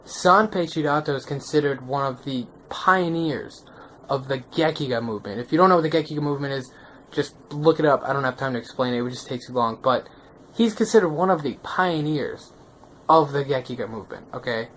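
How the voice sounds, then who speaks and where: Excitable male vlogger, casual and slangy, mid-pitched voice over a faint hiss. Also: fairly quick. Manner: excitable, slangy, often checks in with the viewer. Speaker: manga vlogger. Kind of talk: casual video review.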